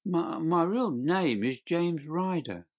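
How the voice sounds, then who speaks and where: A jittery, frightened little man whose voice quavers and climbs high as he whines his answers, put on by a man reading an audiobook. The pitch sits well above the reader's own voice. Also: lively intonation, takes it slowly, heavily acted. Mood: nervous. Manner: quavering, whining. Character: frightened, whining small man.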